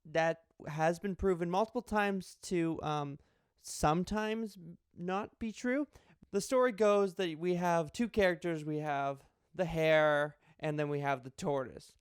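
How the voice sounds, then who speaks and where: A man's voice: on the high side, measured pace, clear, resonant tone, no room sound, studio quality. Chatty young man reviewing board games. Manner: chatty, rambling with restarts and jokes. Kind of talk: casual video review.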